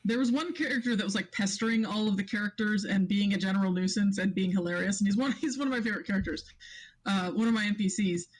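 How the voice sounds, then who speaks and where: A woman's voice: mid-range voice, fast, poor audio. A woman guest on a casual podcast chat, a game master who rambles through her stories with many restarts and laughs.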